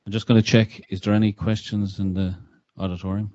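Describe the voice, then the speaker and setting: Low-voiced male host, polite moderator, dull distant sound. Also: little pitch movement, a little fast, a little mellow. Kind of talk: hosting a talk event.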